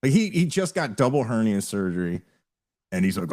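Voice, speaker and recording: A man with a fairly low voice tells stories on a casual podcast. He acts out what other people said and laughs as he goes. His delivery is animated and chatty. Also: a little fast. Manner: animated storyteller, quotes people in acted voices, laughs often. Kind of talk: casual chat.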